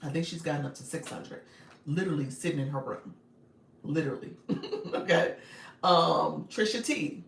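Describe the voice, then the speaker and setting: A woman's voice: low-pitched, moderate pace, vocal fry, pauses often, reverberant, recorded from a distance, slight background noise. A woman coaching on a live stream, upbeat and repetitive, often laughing and calling viewers by name. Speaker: livestream coach and host. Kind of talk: live-stream coaching talk, reading chat.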